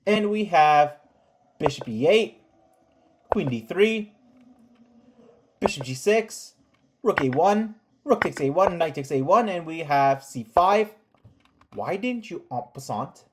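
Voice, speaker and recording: Chess recap host, mid-pitched, sarcastic, scolding, reads move lists fast. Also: lively intonation, background noise. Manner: sarcastic, scolding the players with rhetorical questions; calls out moves in rapid lists. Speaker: chess commentator. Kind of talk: chess game recap commentary.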